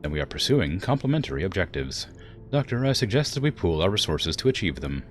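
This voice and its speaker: An ancient AI weapons platform, voiced by a man, speaks in a smooth, precise manner with a put-on generic English accent. The voice sits very low but moves with lively swings in pitch. Every word is measured and formal. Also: faint music behind. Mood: calm formal. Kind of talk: reading game dialogue aloud.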